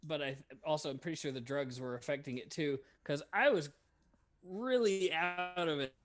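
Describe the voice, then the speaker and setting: A man's voice: on the high side, normal speed. A man co-hosting a casual podcast over beers, telling rambling, self-deprecating stories. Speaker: podcast co-host.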